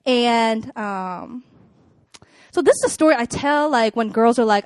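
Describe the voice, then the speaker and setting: A young woman speaking to a live audience in a casual sermon style, chatty and animated, with lots of "like" and "you know.". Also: fairly high pitch, measured pace, no echo, studio quality. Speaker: speaker at a church gathering.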